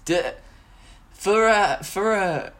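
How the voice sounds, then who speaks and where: A man's voice: high-pitched, extremely slow, fairly bright tone. A man co-hosting a casual podcast, rambling through hypothetical scenarios with lots of fillers and restarts. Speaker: podcast co-host.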